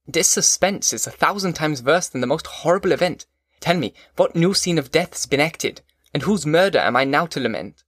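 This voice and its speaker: A man voicing a distraught, feverish young man with pleading, high-strung outbursts in an audiobook. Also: expressive, normal speed, fairly bright tone, breathy edge, no echo, studio quality. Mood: anguished. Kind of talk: audiobook character voice.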